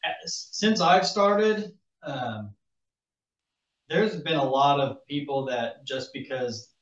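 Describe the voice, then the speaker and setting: A man's voice: a little high, highs cut off. Hesitant man on a distant roomy mic. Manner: halting, hesitant, many fillers and restarts. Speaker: podcast guest. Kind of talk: casual podcast chat.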